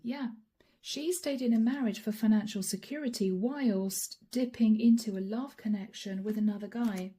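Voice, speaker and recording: A woman giving a channeled tarot reading in a hoarse, raspy voice that is fading, speaking softly with whispered asides. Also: fairly high pitch, moderate pace. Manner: soft-spoken with whispered asides. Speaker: tarot card reader.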